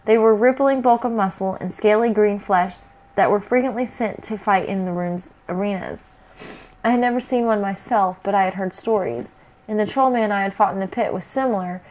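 A woman reading a first-person fantasy adventure story aloud in a lively, playful way. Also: medium pitch, moderate pace.

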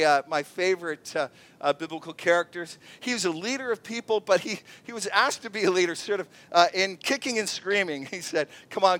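A man preaching a sermon with a notably high voice. He tells stories with lively energy, dropping softer and then rising as he acts out other people's voices. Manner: animated storytelling, acts out voices. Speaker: pastor.

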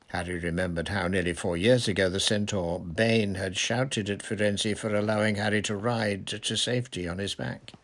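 A man narrating an audiobook in a slow, even manner. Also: on the low side.

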